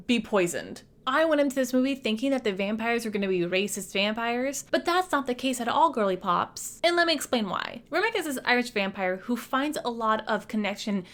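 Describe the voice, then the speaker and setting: A woman's voice: fairly high pitch, moderate pace. A young adult woman recapping a movie in a casual, playful way, using slang and shifting her voice a lot as she talks. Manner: animated, jumps between voices. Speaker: movie reviewer.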